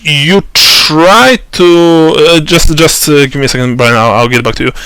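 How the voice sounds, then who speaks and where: A man narrating a tabletop role-playing game as game master, slow and halting with many fillers and restarts. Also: a little high, pushed and bright, smooth.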